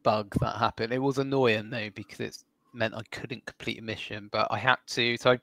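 Gravelly man telling a rambling story. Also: medium pitch, fairly even intonation, fairly quick, fairly bright tone, no echo. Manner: rambling storyteller, laughs often. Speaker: podcast co-host. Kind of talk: casual chat.

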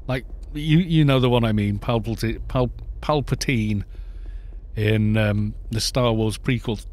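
A man's voice: medium pitch, a little slow, darkish tone. A man chatting casually on a live game stream, rambling through jokes and often laughing at himself. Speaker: gaming streamer. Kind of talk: casual live-stream chat while playing.

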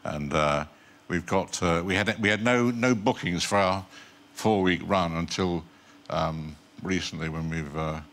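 An older English actor telling rambling, dry anecdotes as a talk show guest, with mumbled asides. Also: male voice, sits low, measured pace, a bit bright. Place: TV studio with audience.

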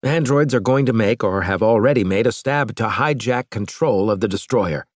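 A man's voice: on the low side, normal speed, no room sound, clean studio sound, natural voice. A man voicing a resolute starship captain in an audiobook, urgent and insistent.

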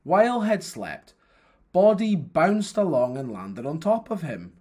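A storyteller reading a folktale aloud for primary pupils, in a careful, expressive way. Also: mid-range voice, takes it slowly, husky.

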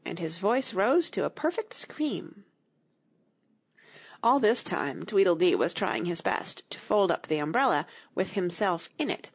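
Husky-voiced woman reading a children's audiobook. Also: mid-range voice. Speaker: audiobook reader.

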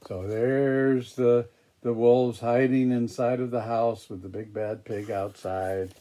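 A man reading a picture book aloud, pausing for chatty, hesitant asides about the pictures. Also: medium pitch, fairly even intonation, mellow. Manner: hesitant, with fillers and restarts. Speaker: storybook reader.

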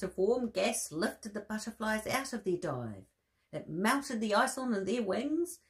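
A woman reading a bedtime story aloud to children, expressive, with soft gasps and friendly asides. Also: medium pitch, measured pace.

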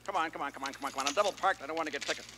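A man's voice: a little high, racing, big-room sound, background noise, lightly acted. A man voicing an impatient street mugger who rattles on and repeats himself. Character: pushy fast-talking street mugger.

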